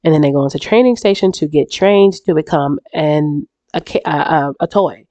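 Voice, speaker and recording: A woman's voice: low-pitched, normal speed, dark tone, no room sound, muffled recording. A woman with a stuffy, congested voice and a sore throat, chatting casually through game theories, rambling and often restarting her sentences. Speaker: YouTube reaction creator.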